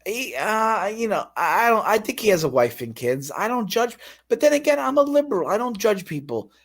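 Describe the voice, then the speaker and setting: A man's voice: high voice, big pitch swings, a little fast. A man ranting on a livestream about being fired as a cashier, profane and acting out the voices of the people he quotes. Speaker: fired store cashier telling his story.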